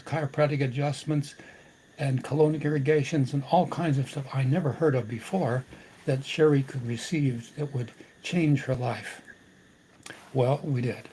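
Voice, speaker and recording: An older man telling a personal family story earnestly, with halting restarts. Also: medium pitch, mellow, slight background noise, rough recording. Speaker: podcast host.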